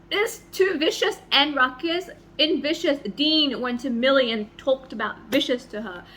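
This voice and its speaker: A young woman vlogging at home about a book she is reading, reading passages aloud and reacting with excited squeals and swearing. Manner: gushing and excitable, swings into high squeals and swearing. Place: home, near a microwave.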